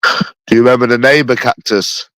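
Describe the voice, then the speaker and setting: A man's voice: mid-range voice, steady tone, normal speed, a bit bright, no room sound, poor audio. A man with a phlegmy cough, ranting in a repetitive, rambling, profane casual monologue. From London.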